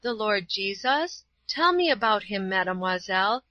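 A soft, halting old woman, lonely and timid, with a bright, lifted voice, as a woman reader puts her on. Her words come slow and humble. The sound is dry and a little dull, like a lo-fi home recording. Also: mid-range voice, expressive, no room sound. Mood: sad, humble.

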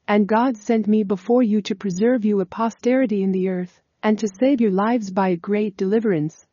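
A woman voicing a kind male ruler who speaks gently to his brothers in archaic scriptural phrasing, on a dull, slightly lo-fi recording. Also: medium pitch, fairly even intonation, normal speed, dry recording, lightly acted. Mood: gentle.

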